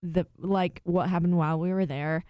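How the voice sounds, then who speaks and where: A young woman hosting a podcast, telling a story in casual chat, animated and peppered with "like". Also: on the low side, moderate pace, no echo, studio quality. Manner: animated storyteller, many "like" fillers. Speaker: podcast host.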